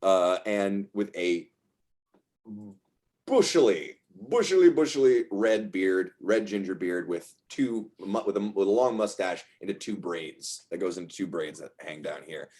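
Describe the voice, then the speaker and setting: Low-voiced guy running a tabletop game, lots of ums and restarts. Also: unhurried, darkish tone. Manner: hesitant, many fillers and restarts. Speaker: game master.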